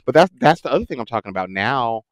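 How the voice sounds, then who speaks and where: A man who works as an actor and voice actor, chatting in a podcast interview, telling stories with lots of laughter and quick impressions. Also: medium pitch, no echo, clean studio sound. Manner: animated storyteller, laughs often, jumps into quoted voices. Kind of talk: casual interview chat.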